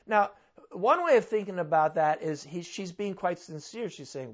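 A man's voice: high voice, expressive, normal speed, lo-fi sound. A man preaching a sermon in a conversational way, asking his listeners rhetorical questions. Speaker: pastor.

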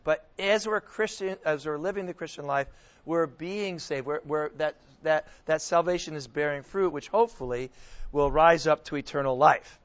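On a dull, lo-fi recording, a man with a slightly high voice speaks at a normal speed. He's a preacher running a Bible study, teaching scripture, asking his listeners questions, and restarting often.

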